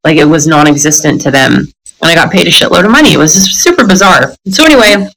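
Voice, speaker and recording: Blunt, bright-voiced woman telling stories. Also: sits low, lively intonation, fast, creaky, rough recording. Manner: blunt, profane, laughing storyteller. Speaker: guest telling her recovery story. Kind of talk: candid podcast conversation.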